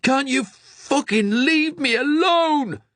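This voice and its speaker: A man's voice: extremely high pitch, animated, takes it slowly, fairly bright tone, no room sound, pitched above the performer's own voice, heavily acted. A man voicing an elderly, paranoid mental patient who pleads to be left alone. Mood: raging. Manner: pleading, then raging.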